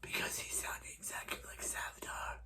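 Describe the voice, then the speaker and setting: A man putting on a raspy, whispered voice of a male speed villain. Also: sharp tone. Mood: menacing. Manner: breathy whisper, slow and eerie.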